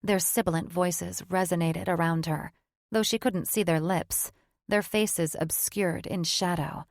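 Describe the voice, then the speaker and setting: A woman reading a fantasy audiobook in scripted narration, measured and even. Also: lowish voice, dry recording, studio quality.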